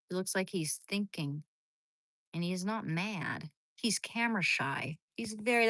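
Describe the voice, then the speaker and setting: Chatty, low-voiced woman streaming. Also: fairly bright tone, dry recording. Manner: chatty and rambling, with many restarts. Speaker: live streamer. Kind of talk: casual livestream chat.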